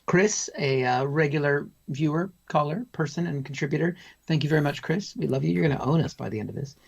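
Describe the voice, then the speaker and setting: A man's voice: fairly high pitch, a little fast, creaky, slightly rough, dull audio. A man co-hosting a casual comedy news chat, making wry, rambling asides. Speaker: co-host of comedy news show.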